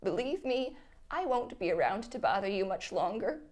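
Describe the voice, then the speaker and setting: A woman's voice: medium pitch, big pitch swings, normal speed, darkish tone, close to an everyday voice. A woman playing a melodramatic, whiny mother who guilt-trips her grown son in a comedy sketch. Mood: guilt-tripping. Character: nagging, guilt-tripping middle-aged Jewish-style mother. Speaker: sketch actor. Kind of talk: comedy sketch phone call.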